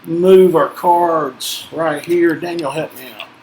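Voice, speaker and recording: A chatty man from Tennessee with a mild Southern accent and a fairly high voice, calling out cards and cracking jokes as he hosts a break. He is recorded in an echoey room. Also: fairly even intonation, slow pace, darkish tone, slight background noise. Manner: chatty, jokey, calls out each card. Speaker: host of a card break. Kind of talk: casual live card-break chat.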